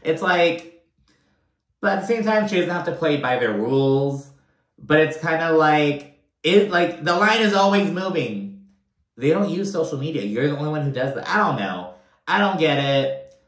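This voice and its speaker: A man giving a casual, profanity-laced reality TV recap, animated and full of filler like "you know what I mean.". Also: on the high side, normal speed. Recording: roomy echo.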